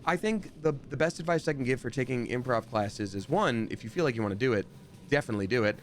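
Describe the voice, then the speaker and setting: A man streaming a game live, chatting and reading out chat, breaking into loud surprised outbursts. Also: medium pitch, animated, fast, slight background noise.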